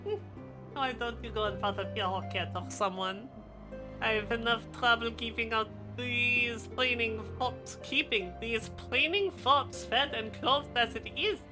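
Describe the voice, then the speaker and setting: A woman's voice: on the high side, a little slow, music in the background, voice pushed up, natural voice. A woman reading aloud as a short-tempered, put-upon camp supplier in a video game, grumbling and irritable.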